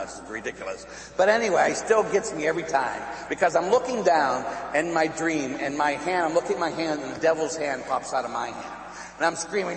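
A male priest telling a story in a sermon, laughing often and dropping to a hushed voice, from Pittsburgh. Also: fairly high pitch. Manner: animated, laughing storyteller who drops to a hushed voice. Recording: echoey hall with faint hum.

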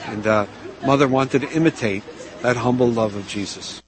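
A man preaching, earnest and measured, urging listeners to humility. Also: medium pitch, poor audio. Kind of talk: sermon.

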